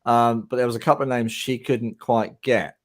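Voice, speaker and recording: A man's voice: medium pitch, little pitch movement, moderate pace. A man hosting a live-stream about mediumship, chatting casually and speaking directly to viewers. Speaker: host.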